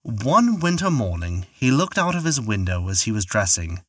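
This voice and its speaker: A man with a fairly low voice gives a scripted narration of a folk tale, measured and expressive in a storytelling manner. The studio-quality recording has no room sound.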